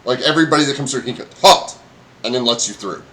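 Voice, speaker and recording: A man narrating as game master in a tabletop game, halting with many ums and uhs and laughing often. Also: mid-range voice, bright, forceful tone, a little hiss or hum.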